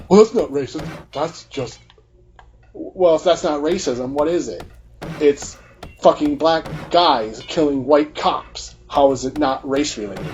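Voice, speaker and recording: A man's voice: a little high, a little slow, a little mellow, muffled recording, faint music behind. A man hosting a gaming video, ranting in a heated, profane and repetitive way. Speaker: gaming channel host. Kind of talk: heated rant during gameplay commentary.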